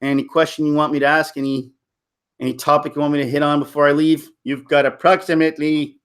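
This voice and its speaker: A man's voice: fairly high pitch, flat delivery, quick pace, a bit bright, clean tone. Chatty rambling man on a livestream. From Toronto, Canada. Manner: rambling, laughs often, many restarts. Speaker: livestream host. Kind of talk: casual live-stream chat.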